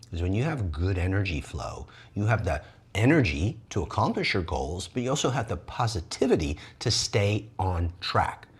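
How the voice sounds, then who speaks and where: A man teaching energy arts in an animated, lively way, often jumping into high playful voices for the people he quotes. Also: normal speed, husky. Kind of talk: animated wellness talk.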